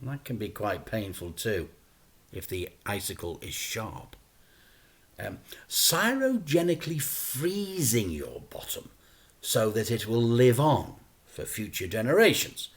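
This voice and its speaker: Expressive man reading a children's story. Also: fairly low pitch, slow pace. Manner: expressive, playful.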